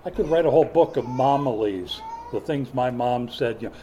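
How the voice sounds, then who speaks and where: Folksy older preacher with a mellow voice. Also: male voice, medium pitch, moderate pace, few pauses, slight background noise. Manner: folksy, joking storyteller who rises to loud emphatic preaching. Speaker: pastor. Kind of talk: sermon.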